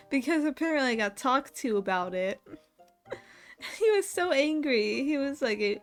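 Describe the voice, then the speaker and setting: Young female streamer, casual laughing storyteller, a bit high-pitched, soft music underneath. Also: normal speed. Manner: laughs often while telling a story, animated quoting of others. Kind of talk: casual chat.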